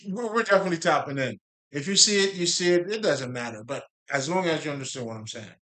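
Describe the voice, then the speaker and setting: A man's voice: fairly high pitch, animated, fast, pushed and bright. A man giving a casual spiritual monologue, rambling and streetwise, swearing freely and breaking into laughs. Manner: rambling, profane, laughs often, streetwise slang. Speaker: spiritual talk host.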